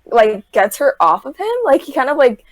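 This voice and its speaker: A woman's voice: high voice, moderate pace, no echo. A young woman casually retelling a reality show on a podcast, packing her talk with "like" and acting out what people said. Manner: filler-heavy, says "like" constantly; animated storytelling, acts out quotes. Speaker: podcast guest.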